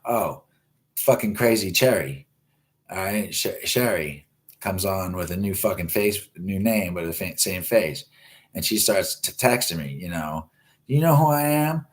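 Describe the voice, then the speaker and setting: A man's voice: low voice, measured pace. A man hosting a live show, telling rambling stories full of swearing. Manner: swears constantly, rambling and animated. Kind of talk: profane live-stream storytelling.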